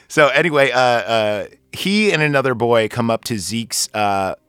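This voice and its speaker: A man's voice: mid-range voice, animated, unhurried, a bit bright, clean tone, no echo, studio quality. Rambling, crude-joking man. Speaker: podcast host recapping a film. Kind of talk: casual chat.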